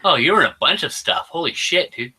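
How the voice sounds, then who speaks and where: A man co-hosting a relaxed movie-commentary podcast rehashes scenes with exasperated energy and imitates the dialogue. He talks fast and very animatedly in a fairly high, bright, forceful voice with a slight roughness.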